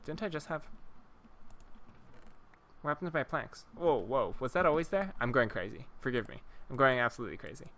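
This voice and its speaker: Speaking at medium pitch in a sing-song, fairly bright way, a twenty-something man runs a Minecraft let's-play, rambling and chuckling to his audience. He talks fairly quickly but leaves long pauses, and slight background noise is audible.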